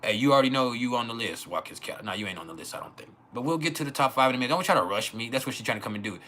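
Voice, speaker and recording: A man's voice: mid-range voice, expressive, very fast, bright, forceful tone. A man hosting a casual astrology livestream, joking and swearing often and laughing.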